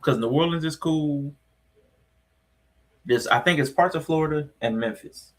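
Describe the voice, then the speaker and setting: A man's voice: on the high side, unhurried. A man co-hosting a podcast, chatting in a laid-back, joking way. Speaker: podcast co-host. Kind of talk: casual chat.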